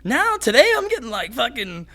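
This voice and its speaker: A young man who is a fighter, a guest on a podcast, telling stories in casual chat in an animated, rambling way. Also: very high voice, moderate pace.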